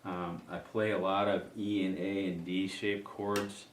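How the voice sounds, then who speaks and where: Deep-voiced man explaining guitar setup. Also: a little slow, echoey room, slight background noise. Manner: relaxed, thinking aloud with many ums. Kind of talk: casual demonstration.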